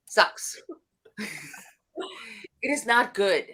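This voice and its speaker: A woman, a founder and CEO, giving business advice in a casual panel chat, with an animated, comic delivery full of acted-out quotes. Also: medium pitch, a little slow.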